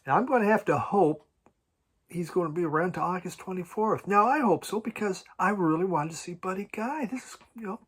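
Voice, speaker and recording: A man chatting casually about his record collection at home, halting and restarting often and chuckling now and then. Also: sits high, a bit bright, breathy edge. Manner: halting, many restarts and repeated words. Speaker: vinyl record collecting vlogger. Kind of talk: casual rambling chat.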